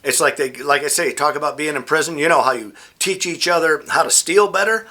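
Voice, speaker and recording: Bright-voiced middle-aged man telling stories. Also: a little high, a little fast. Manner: rambling, animated anecdotes with frequent restarts. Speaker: vlogger. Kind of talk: casual storytelling.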